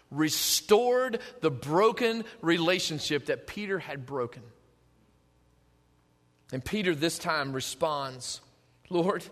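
High, bright-voiced preacher in a reverberant hall. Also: male voice. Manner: conversational preaching, swinging from hushed to emphatic. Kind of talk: sermon.

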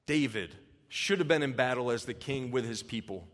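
In a church hall with long reverb, a man preaches a sermon, reading scripture aloud and then explaining it earnestly in casual terms. His mid-range voice is expressive and fairly bright, at normal speed.

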